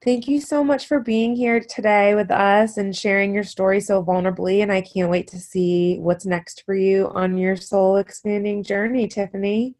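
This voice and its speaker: A woman hosting a podcast interview, speaking warmly and effusively, often saying you know. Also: mid-range voice, steady tone, normal speed, hardly any pauses. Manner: warm, effusive, frequent you knows. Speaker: podcast host. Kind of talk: casual interview conversation.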